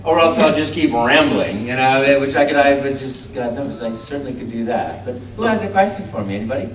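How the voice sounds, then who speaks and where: A man's voice: mid-range voice, a little fast. A man telling stories to a convention audience, acting out voices, recorded from the crowd on a phone. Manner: animated, acts out voices in his stories. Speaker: convention panel guest. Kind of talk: storytelling to a live audience. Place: convention panel room. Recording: distant echoey phone recording with faint noise.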